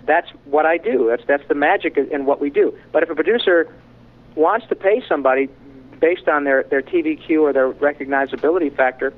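A man, a voice actor guest, talks in a casual interview, telling stories with candid, animated asides. His voice sits a bit high for a man. The sound is thin and boxy, like it is coming over a phone line.

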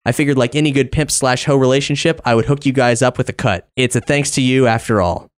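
Brief: male podcast host, mid-pitched, upbeat casual delivery, reads listener notes. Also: fast talker. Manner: upbeat, reads supporter names and messages.

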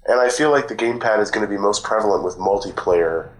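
A man with a slightly low voice talks in a room with noticeable echo. He asks pointed questions and jokes around in a casual gaming podcast. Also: quick pace, faint music behind. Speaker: podcast co-host. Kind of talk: casual chat.

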